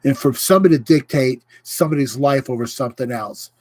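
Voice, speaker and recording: A man hosting his own livestream, ranting with indignation and pausing to greet viewers. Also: mid-range voice, a little mellow, no room sound, low-quality recording. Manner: impassioned, indignant, greets viewers mid-rant. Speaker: livestream host. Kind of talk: casual livestream rant.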